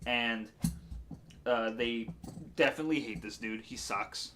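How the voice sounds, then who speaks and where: A man's voice: mid-range voice, measured pace, noisy background. Rambling man recapping a game. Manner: rambling, with fillers and laughs. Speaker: game master. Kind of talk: casual chat stream.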